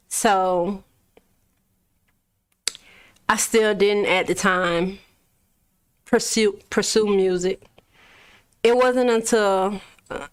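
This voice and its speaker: She's a young adult recording artist from Florida with a mid-range voice, recounting her story in a casual, relaxed interview. Laughter comes often, and she swears without holding back.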